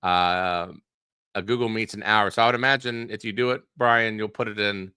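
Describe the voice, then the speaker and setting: A man's voice: on the low side, fairly even intonation, normal speed, pushed and bright, clear, resonant tone, dry recording, studio quality. A man co-hosting a casual live stream, chatting loosely with frequent restarts and filler words. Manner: rambling, restarts with many uhs. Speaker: co-host.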